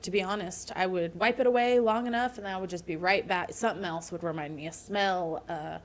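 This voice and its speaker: A woman's voice: on the low side, fairly even intonation, a little fast. A woman in her thirties, a podcast guest, speaking earnestly about her own life in a candid interview. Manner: earnest, personal storytelling. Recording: faint background noise.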